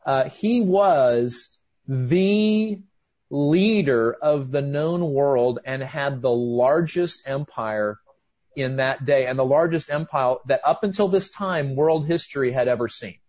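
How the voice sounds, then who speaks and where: A man preaching a sermon, excited and emphatic, often restarting his sentences. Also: medium pitch, slow, lo-fi sound.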